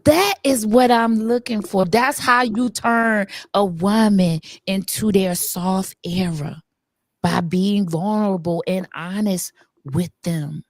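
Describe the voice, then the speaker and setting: A woman's voice: mid-range voice, slow pace, no room sound, clean studio sound. A woman co-hosting a casual livestream chat, telling candid personal stories and laughing often. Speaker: co-host and producer.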